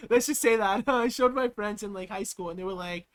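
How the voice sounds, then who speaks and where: A man's voice: sits high, brisk, a bit bright. A young American man chatting on a live stream, giggling often and rambling with plenty of fillers. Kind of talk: casual live-stream reaction chat.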